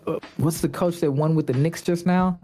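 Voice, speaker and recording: A man in casual podcast chat who tells animated stories, full of restarts and fillers. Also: a little high, moderate pace, soft background music. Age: adult parent of a daughter. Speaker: podcast guest.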